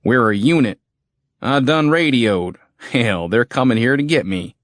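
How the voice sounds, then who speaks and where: A man's voice: medium pitch, expressive, a little slow, no room sound, pitched above the performer's own voice, close to an everyday voice. A man voicing a crude, cocky male army veteran with a drawl, foul-mouthed and taunting, in a dry, close audiobook recording. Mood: defiant. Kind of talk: audiobook character voice.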